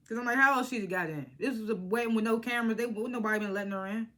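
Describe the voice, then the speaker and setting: A young woman with a bright, forceful voice that sits a little high for her, chatting through a reality TV recap. She talks in an animated, slangy way and acts out the cast's lines as she goes. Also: fast talker. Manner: animated, laughing, slangy retelling with acted-out quotes. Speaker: reality TV reviewer. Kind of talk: casual vlog recap.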